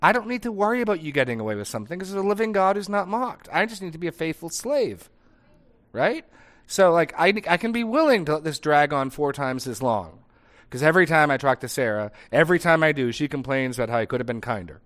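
A man preaching in a conversational, animated way, acting out short dialogues as examples. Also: fairly high pitch, quick pace. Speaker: pastor. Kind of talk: conversational sermon.

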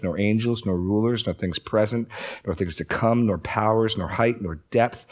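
A man teaching a Bible class in a conversational, emphatic way with quick asides. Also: mid-range voice. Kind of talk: teaching talk.

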